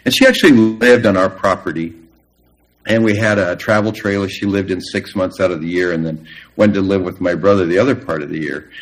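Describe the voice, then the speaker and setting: Middle-aged guy preaching a sermon, kinda low voice, slow and emphatic. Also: steady tone, low-quality recording. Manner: earnest, slow and emphatic, with long pauses. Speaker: pastor.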